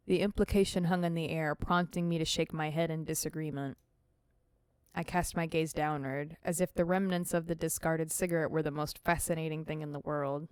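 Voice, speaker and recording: A woman streamer reading a visual novel aloud and breaking off into animated, slangy, swearing reactions to her chat. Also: low voice, brisk, clean tone, dry recording.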